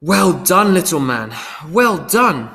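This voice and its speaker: A friendly hotel man, encouraging and generous, as a reader plays him. His pitch moves in lively swings. A long hall reverb trails his lines. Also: slow, exaggerated voice. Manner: warm and encouraging.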